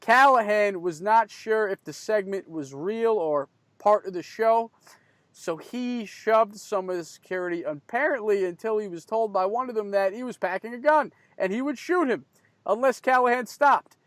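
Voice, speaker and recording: High-voiced man reading an article aloud. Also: moderate pace, fairly bright tone, no echo. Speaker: podcast host.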